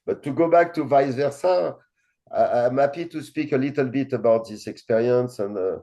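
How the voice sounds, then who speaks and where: A middle-aged Frenchman with a French accent speaks in a mellow, mid-range voice at a normal pace. He's a winemaker guest in a casual interview chat, talking loosely with lots of fillers and blunt swearing.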